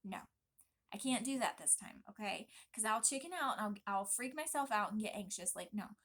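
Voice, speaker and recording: A young woman vlogging casually, talking in an emphatic, chatty and animated way. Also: mid-range voice, a little fast. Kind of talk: casual pregnancy vlog talk.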